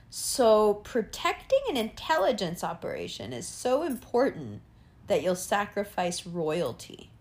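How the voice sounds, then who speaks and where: Animated young woman, lively swooping voice. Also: mid-range voice, unhurried. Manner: animated, profane, laughs often, asks rhetorical questions. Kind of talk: casual monologue.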